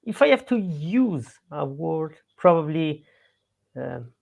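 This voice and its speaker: A man's voice: a little high, big pitch swings, takes it slowly, creaky, a little mellow. A man who is not a native English speaker, a podcast guest talking hesitantly and modestly, searching for words. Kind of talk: casual podcast interview.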